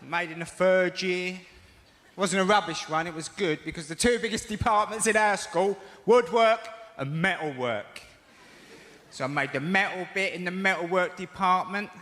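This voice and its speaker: A man with a Cockney accent doing stand-up, telling animated stories and acting out voices, on a theatre stage mic. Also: sits high, moderate pace. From East End of London. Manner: animated storytelling with acted-out voices. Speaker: stand-up comedian. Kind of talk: stand-up comedy. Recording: echoey theatre, loud noise. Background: audience laughter.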